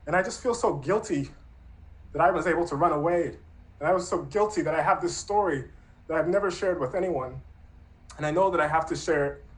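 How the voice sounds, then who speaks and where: A man's voice: a little high, brisk, rough recording. A man in his thirties telling a true personal story in an earnest, reflective, conversational way. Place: Brooklyn.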